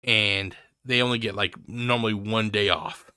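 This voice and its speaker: Bright-voiced sarcastic ranting commentator. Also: male voice, fairly low pitch, normal speed, clean tone, no echo, clean studio sound. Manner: sarcastic, ranting, heavy swearing. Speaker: commentary host. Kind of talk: mocking reaction commentary.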